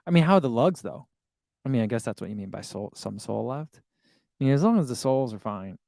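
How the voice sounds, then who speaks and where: A middle-aged man hosts a casual running livestream, reading viewer comments aloud and chatting between them. He talks in an easygoing, rambling way and laughs easily. His voice sits at an ordinary pitch and sounds dry and close to the mic. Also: lively intonation, fast talker, creaky, mellow, no room sound. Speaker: running channel host reading live chat.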